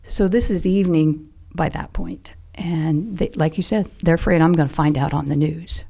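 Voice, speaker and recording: A woman's voice: low voice, moderate pace, vocal fry, mellow, slightly rough. An older woman telling a personal story as a podcast guest, earnest and heartfelt, at times dropping to a near whisper. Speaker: podcast guest, mother of a fallen SEAL.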